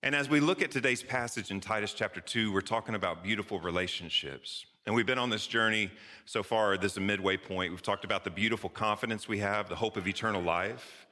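A man's voice: fairly low pitch, brisk, sharp tone. A man who is a pastor, preaching a sermon in a conversational, joking way, with playful asides between the reading. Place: church sanctuary. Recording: church hall with long reverb.

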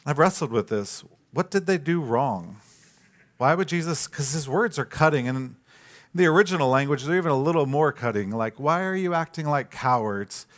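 Male pastor, sermon delivery, animated storyteller who acts out the quotes. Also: on the high side, normal speed.

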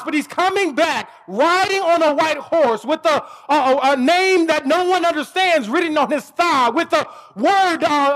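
A man preaching a sermon as pastor, emphatic and building to near shouts, often repeating words as he restarts. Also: very high-pitched.

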